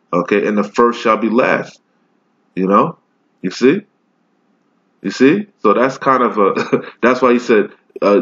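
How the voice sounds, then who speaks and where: Guy preaching off the bible, slow reading then loose slangy riffing, kinda muffled lo-fi audio. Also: mid-range voice. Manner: reads scripture slowly, then riffs in loose street slang. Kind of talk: casual scripture teaching.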